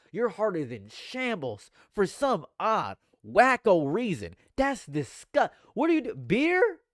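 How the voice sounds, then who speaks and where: A man streaming casual live commentary, ranting in mock outrage and swinging between mumbled asides and loud outbursts. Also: a little high, dry recording, clean studio sound.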